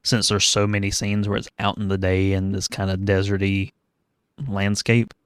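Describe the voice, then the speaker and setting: A man's voice: on the low side, level tone, normal speed, smooth, no echo. A man co-hosting a podcast, chatting casually about a movie with wry, analytical humor. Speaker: podcast co-host. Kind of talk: casual movie review chat.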